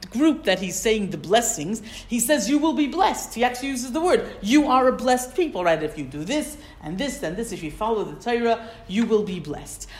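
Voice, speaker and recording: A woman teaching a Torah lesson, quoting Hebrew verses and then translating them in an animated, questioning way. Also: mid-range voice, echoey room.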